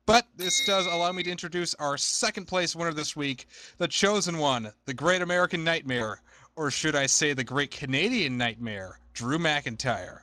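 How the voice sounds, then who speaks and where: Bright-voiced joking male panelist. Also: a little high, brisk, no room sound. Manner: jokey, teasing, builds up gags. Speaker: podcast panelist. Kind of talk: comedic segment.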